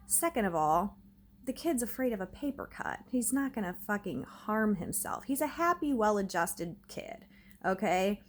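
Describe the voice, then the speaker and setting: A woman talks into her handheld phone at home, rambling through a tense story. She sounds agitated and says "like" constantly. Her voice sits at an ordinary middle pitch for a woman. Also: very animated, normal speed. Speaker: vlogger. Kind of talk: casual storytelling to camera. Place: her own home, indoors.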